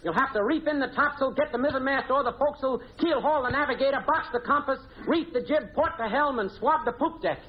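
Brief: a bossy pirate first mate, high and fast-talking, hissy old radio recording. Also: male voice, muffled recording. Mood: barking. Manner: barking orders, salty sailor talk. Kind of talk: old-time radio comedy acting.

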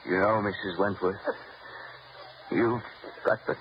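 An actor playing a young male gardener who turns out to be a killer, in a soft, teasing, menacing manner, in an old radio drama. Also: on the low side, fairly even intonation, slow. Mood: menacing calm. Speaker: gardener George. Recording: lo-fi old radio recording with hiss.

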